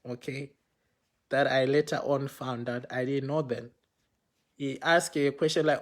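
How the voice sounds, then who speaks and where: Man, young adult, fairly high pitch, casual livestream story, repetitive, chatty. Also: fairly even intonation, measured pace, pauses often. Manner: rambling, repeats phrases, checks in with viewers.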